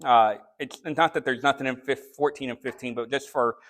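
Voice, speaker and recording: A man preaching a sermon, telling a story in a conversational way and then building to sharp, shouted rebukes. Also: mid-range voice, fairly even intonation, moderate pace. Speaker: pastor. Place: church sanctuary.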